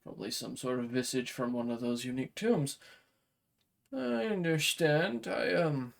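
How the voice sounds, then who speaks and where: A man voicing a calm, measured male dragonkin stranger in a tabletop game. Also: medium pitch, gravelly, lightly acted.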